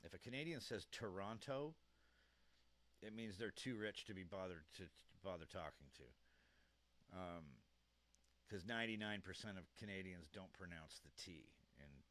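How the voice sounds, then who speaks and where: A man's voice: sits low, lively intonation, moderate pace, a bit bright. A man hosting a live stream at home on a dynamic microphone, chatting casually in a rambling way, chuckling often and trailing off mid-sentence. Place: home room with a computer fan.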